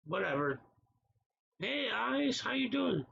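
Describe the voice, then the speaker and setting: Gravelly man chatting on a livestream. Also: very high-pitched, very animated, slow pace, a bit bright, muffled recording. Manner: gravelly, exasperated, talks back to chat by name. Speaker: livestream host. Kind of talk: casual livestream chat reading viewer comments.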